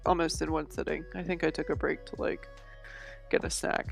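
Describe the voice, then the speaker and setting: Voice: medium pitch, flat delivery, moderate pace, vocal fry, faint music behind. A podcast co-host in casual chat, playful and teasing, reading passages aloud for laughs.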